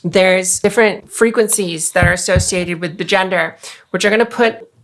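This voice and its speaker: A woman's voice: fairly low pitch, moderate pace. A woman giving voice tips in a casual tutorial vlog, chatty and explanatory, with lots of fillers. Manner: demonstrates sounds while explaining.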